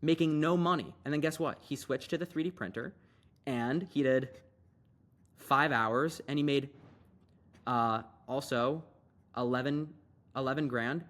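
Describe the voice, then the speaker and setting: A young man coaching viewers through a screen-share in an excited, rambling way, full of fillers and quick asides. His voice sits in an ordinary middle pitch and sounds close to a desk mic. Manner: hyped, fast, conversational with frequent fillers. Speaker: online business coach. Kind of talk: casual screen-share tutorial.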